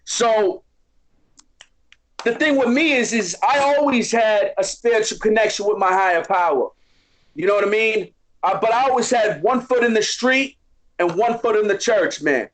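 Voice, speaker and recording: A man's voice: high-pitched, moderate pace, rough recording. A middle-aged man with a Boston accent, a podcast guest talking in a streetwise, preachy way and often asking "you know what I mean?". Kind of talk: casual chat.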